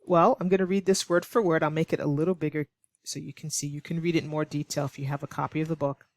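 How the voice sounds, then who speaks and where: A woman's voice: sits low, fairly even intonation, a little fast, darkish tone, no room sound, studio quality. Patient woman teaching English. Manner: clear, patient, demonstrates tones by voicing example lines. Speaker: ESL teacher. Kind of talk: online English lesson.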